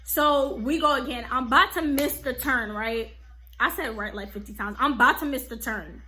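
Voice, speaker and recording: A young woman vlogger telling a casual storytime, animated and slangy, full of "like" and "okay?". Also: sits high, normal speed.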